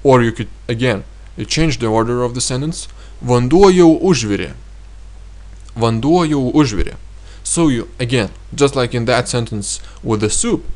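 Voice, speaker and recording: Man slowly teaching vocabulary. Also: mid-range voice. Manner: explains slowly, repeats words twice, many hesitations. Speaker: language teacher. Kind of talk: spoken vocabulary lesson.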